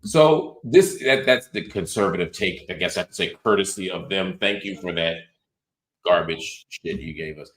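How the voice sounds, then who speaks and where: Low-voiced sarcastic male commentator. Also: moderate pace. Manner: animated, sarcastic, mocking asides. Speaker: host. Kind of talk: political commentary show.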